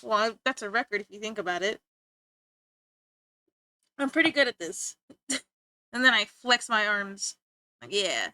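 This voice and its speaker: A woman's voice: a little high, bright, forceful tone, no echo. A young woman streamer chatting playfully with her viewers, teasing and giggling as she talks. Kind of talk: casual chat with stream viewers.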